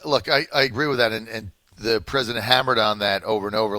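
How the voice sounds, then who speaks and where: A man's voice: fairly low pitch, fast talker, few pauses, bright, forceful tone, no echo. A man hosting a political talk radio show, speaking in an emphatic, punchy way.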